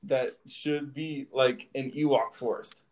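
A man's voice: mid-range voice, steady tone, slow pace, a little mellow. A man chatting on a podcast, giggly and hesitant. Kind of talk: casual chat.

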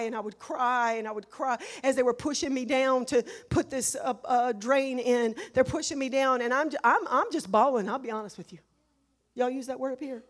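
High-voiced woman preaching emotionally. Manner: emotional, emphatic, swinging between hushed and loud. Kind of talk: sermon with personal testimony. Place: church.

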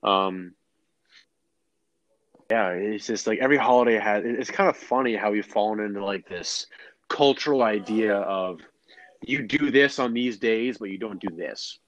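A man's voice: on the low side, normal speed, no room sound, lo-fi sound. Chatty rambling American man. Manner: rambling, animated, lots of fillers and restarts. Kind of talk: casual chat.

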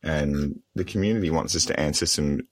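A man's voice: extremely low pitch, fairly quick, no room sound. A man co-hosting a podcast in casual chat, giggling and joking with his friend. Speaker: podcast co-host.

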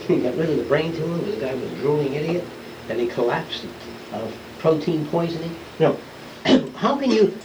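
A man's voice: a little high, darkish tone, poor audio. A man giving an unscripted classroom lecture, blunt and rambling, swearing and acting out the people he quotes. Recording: old lecture tape with hiss.

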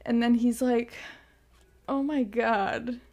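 A woman's voice: a little high, slow pace. A woman co-hosting a podcast, retelling a movie scene by scene in casual chat and acting out the characters' lines. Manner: animated retelling with quoted character lines, frequent laughing. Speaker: podcast co-host.

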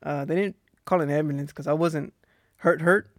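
A young man with a Texan accent tells a personal story in a loose, rambling podcast monologue. His voice is gravelly and sits a little high for a man. He laughs easily, and the close mic sounds dry. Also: moderate pace, no echo. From Texas. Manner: relaxed, rambling, laughs often. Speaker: podcast host. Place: Australia.

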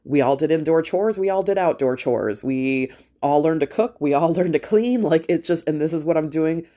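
A woman's voice: low-pitched, normal speed, warm tone. A middle-aged woman hosting a podcast, talking casually and bluntly, swearing freely and rambling with restarts. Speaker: podcast host. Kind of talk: casual opinion monologue.

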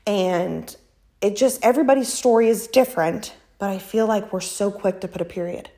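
A woman with a mid-range, dark-toned voice speaks at a moderate pace as a guest in a casual conversational interview. Slightly out of breath, she is emphatic and faith-filled, acting out the voices she quotes.

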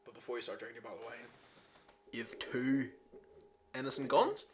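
A man's voice: medium pitch, brisk, slight background noise. Laid-back Northern Irish young man. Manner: dry, teasing, laid-back. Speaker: podcast guest. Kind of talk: casual chat.

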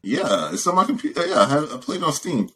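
A man's voice: a little high, big pitch swings, fast, sharp tone, husky. A young man co-hosting a podcast, chatting casually and complaining playfully. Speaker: podcast co-host. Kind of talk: casual chat.

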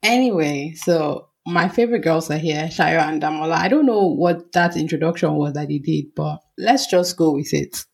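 A woman anchoring a relaxed podcast conversation with her friends. Her voice is husky and a little breathy, set slightly low, and she puts on an affected accent as she goes. She rambles along with lots of fillers. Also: normal speed, few pauses. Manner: talks in an affected accent for the episode. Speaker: podcast host. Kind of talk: casual podcast chat.

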